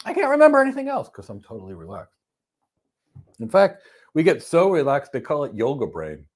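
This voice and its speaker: A man giving a motivational talk on stress, telling stories with emphatic bursts that drop to soft, calm lines. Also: a little high, brisk. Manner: animated storyteller, swings from loud emphasis to soft calm. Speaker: host. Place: lives in Florida.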